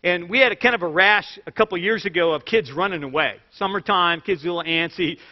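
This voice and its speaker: The sermon comes from a high-voiced pastor speaking slightly quickly, with light humor woven through scripture and lively personal anecdotes. The audio is dull and lo-fi, with a long echo from the hall.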